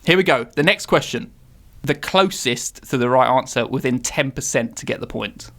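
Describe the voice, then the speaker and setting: A man's voice: mid-range voice, normal speed. A man co-hosting a casual film podcast, running a quiz and teasing his co-hosts. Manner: animated, teasing quizmaster.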